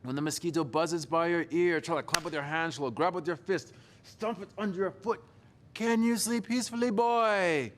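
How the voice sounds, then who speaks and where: A man voicing a stern, commanding older African father, speaking in slow, drawn-out commands. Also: a little high, background noise, voice pushed up, lightly acted. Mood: booming.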